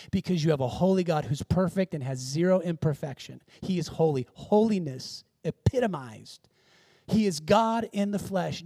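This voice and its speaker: A male pastor delivers a sermon in a notably high voice. He moves between hushed, intimate passages and loud, emphatic exclamations. The recording is dry and close, with little room sound. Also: moderate pace, no room sound. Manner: dynamic preaching, swinging from hushed to loud exclamations. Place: church in Seattle.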